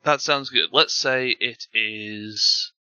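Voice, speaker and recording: A man's voice: mid-range voice, slow pace, sharp tone, no room sound, dull audio. A man narrating as game master of a tabletop game, rambling with fillers and restarts.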